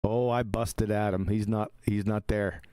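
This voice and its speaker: A man's voice: fairly low pitch, level tone, measured pace, dark tone, clear, resonant tone, no echo. A man hosting a live stream, reacting to a debate clip in a mocking, combative and profane way.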